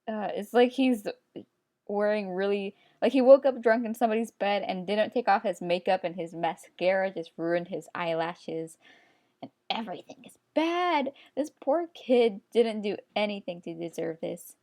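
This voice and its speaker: A woman's voice: medium pitch, normal speed, darkish tone. A young woman talking casually and at length while she draws, chatty and self-mocking, often breaking into laughs. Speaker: art YouTuber. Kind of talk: rambling casual commentary while drawing. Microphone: computer screen-recording voice-over.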